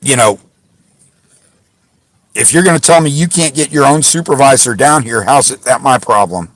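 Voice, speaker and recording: A man's voice: medium pitch, normal speed, dry recording, low-quality recording. Frustrated man ranting, dry close sound. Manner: frustrated, rambling, indignant with many restarts. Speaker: channel host recounting a police encounter. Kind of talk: casual rant to camera. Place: parked car.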